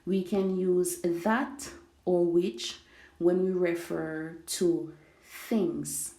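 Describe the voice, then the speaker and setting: A woman teaching an English grammar lesson, explaining slowly and glossing words in Spanish. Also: on the low side, steady tone, dark tone. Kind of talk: language lesson. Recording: echoey room.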